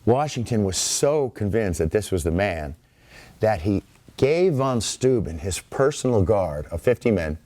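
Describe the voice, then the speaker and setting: A middle-aged man, an author, giving a talk at a library and telling history as animated, acted-out anecdotes. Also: fairly low pitch, no echo. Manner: animated storyteller who acts out anecdotes. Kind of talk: public lecture storytelling. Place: library event room.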